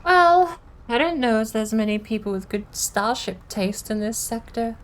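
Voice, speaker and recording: A woman's voice: a little high, fairly even intonation, moderate pace, slight background noise, rough recording. A sleepy woman streamer, yawning and musing aloud to herself while playing a game. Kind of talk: relaxed gameplay chat.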